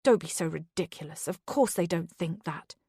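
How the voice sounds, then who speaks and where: A woman's voice: on the low side, moderate pace, dark tone, breathy edge, dry recording. Brief: female narrator playing a defensive husband brushing off his wife, clipped and dry. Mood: irritated. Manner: dismissive and hissing. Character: irritated, evasive husband.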